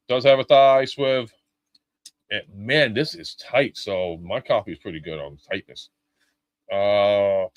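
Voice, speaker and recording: A man's voice: medium pitch, dry recording. A middle-aged man live-streaming a toy unboxing, chatting casually with jokes, swearing and lots of fillers.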